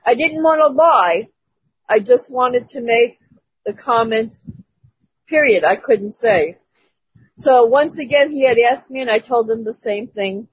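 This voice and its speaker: Over a dull lo-fi call, a woman shares her testimony with her church group in a chatty way, laughing between phrases. She speaks unhurriedly in a fairly high voice with a breathy edge.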